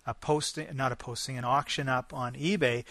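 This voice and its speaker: A man's voice: medium pitch, fairly even intonation, a little fast, crowd noise. A man co-hosting a casual podcast, upbeat and friendly, asking his partner questions. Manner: friendly, upbeat interviewer with fillers. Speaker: podcast co-host.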